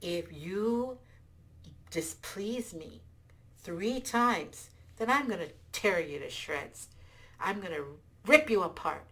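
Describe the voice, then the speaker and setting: A woman's voice: mid-range voice, lively intonation, slow pace, fairly bright tone. A woman storyteller voicing a frightened male donkey who bluffs to seem fierce. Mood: boastful. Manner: fretful, then boastful.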